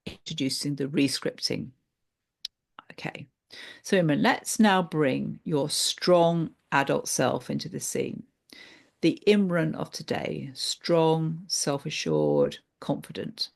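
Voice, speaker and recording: A woman therapist walks through a therapy technique with examples, speaking in a measured, hesitant way with plenty of fillers. Her voice is low and has a gravelly texture.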